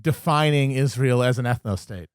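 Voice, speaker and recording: A man co-hosting a podcast in casual chat, dropping quick wisecracks. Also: mid-range voice, smooth, no echo, clean studio sound. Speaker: podcast co-host.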